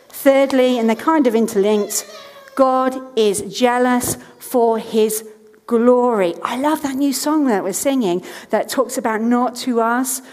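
Woman, 30s, preacher on a church stage; slightly high voice, chatty then earnest and repetitive, hall reverb. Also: a little mellow. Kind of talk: sermon.

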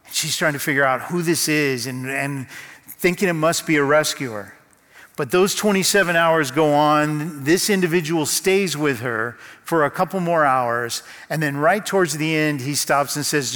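Guy preaching a sermon, slightly high voice, big echoey church hall, slow storytelling. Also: a bit bright. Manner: storytelling, slow dramatic pauses. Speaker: pastor. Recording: long hall reverb.

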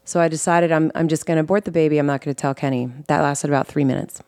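A woman with a low, deep-set voice tells her own story on a podcast, earnest and emotional, catching and restarting her sentences. The sound is close and dry, with no room around it. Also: fairly even intonation, darkish tone, dry recording. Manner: earnest and emotional, with quick self-corrections and restarts. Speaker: guest host telling her life story. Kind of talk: candid personal storytelling on a podcast.

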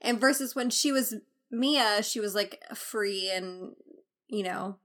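A woman's voice: medium pitch, takes it slowly, fairly bright tone. A woman co-hosting a podcast in casual chat, rambling with lots of fillers. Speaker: podcast co-host.

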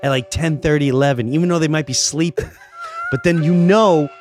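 Brief: middle-aged male guest, slightly high voice, lively storyteller who acts out bits, faint music under him. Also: brisk. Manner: acts out quoted voices, swearing, laughing. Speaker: podcast guest. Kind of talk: animated storytelling.

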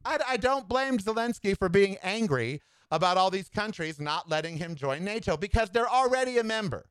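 A man hosting a solo podcast, giving sassy, animated political commentary with campy asides. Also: high-pitched, normal speed, clear, resonant tone, dry recording. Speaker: podcast host.

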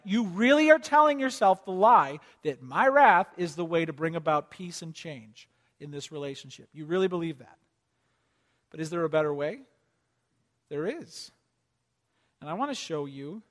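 A man preaching a sermon who asks his congregation question after question and swings between loud urgent appeals and hushed, almost whispered lines. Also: high voice, expressive, normal speed. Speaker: pastor.

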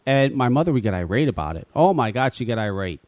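A man's voice: medium pitch, very animated, quick pace, a little mellow, no echo. A man hosting a talk radio show, laid-back and profane, laughing often.

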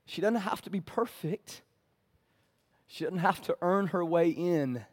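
Male pastor, high voice, dynamic sermon delivery with congregation call-outs. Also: measured pace. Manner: preaching with big swings from loud pleading to hushed; calls for "amen" from the congregation.

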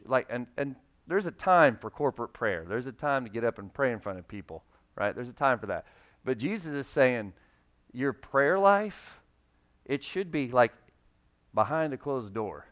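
A man's voice: mid-range voice, expressive, a little slow, a bit bright. Man preaching a conversational sermon. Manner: conversational, acts out quoted voices. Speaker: pastor.

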